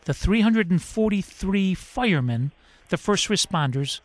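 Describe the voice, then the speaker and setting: High, lively male interviewer. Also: unhurried, dry recording. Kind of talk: interview questions.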